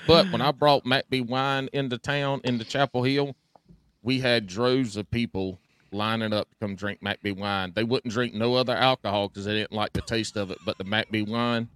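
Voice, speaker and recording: Rambling man with a smooth voice. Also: medium pitch, fairly even intonation, normal speed, fairly bright tone, no echo. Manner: rambling, self-mocking storyteller. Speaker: podcast co-host. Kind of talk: casual storytelling chat.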